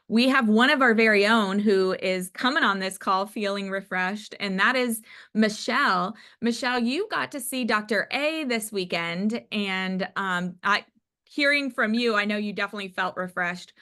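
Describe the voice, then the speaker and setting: A woman's voice: medium pitch, fairly bright tone. Woman, host, encouraging, upbeat, video call. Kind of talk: leading a group call.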